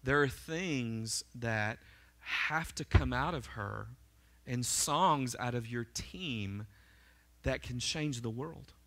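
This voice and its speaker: In a church sanctuary, a pastor preaches with fervor, his voice bright and forceful at an ordinary middle pitch. He repeatedly turns to his listeners for brief "right?" and "amen?" check-ins.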